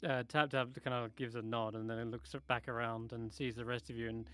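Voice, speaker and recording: A man's voice: mid-range voice, little pitch movement, fairly bright tone. Rambling male game master. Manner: halting, many ums and restarts. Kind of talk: narrating a tabletop game.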